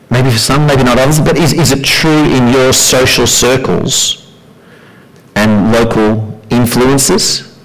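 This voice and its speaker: Conversational preacher, mid-pitched. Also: male voice, rough recording. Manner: conversational, asks the congregation questions. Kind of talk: sermon.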